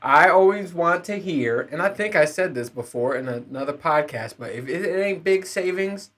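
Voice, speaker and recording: A man's voice: fairly high pitch, animated, moderate pace, fairly bright tone. A man hosting his own podcast, ranting casually with a lot of swearing and rambling asides. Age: adult parent. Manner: profane, rambling, frequent laughs. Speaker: podcast host. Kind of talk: casual solo podcast rant.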